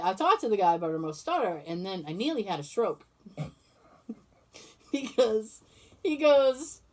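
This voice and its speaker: A woman hosting a podcast, casually telling a story and acting out both sides of the conversation, swearing freely. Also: medium pitch. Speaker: podcast host. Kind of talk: casual chat.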